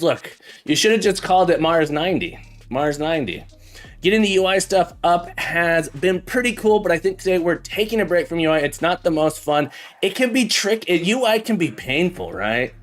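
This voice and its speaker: A man teaching programming on a live stream, chatting casually and joking as he greets viewers by name. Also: on the high side. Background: faint background music.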